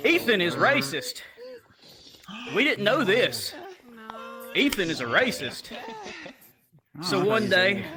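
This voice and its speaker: A man's voice: on the high side, low-quality recording. A man, telling crude, profane stories as a stand-up comedian on a livestream.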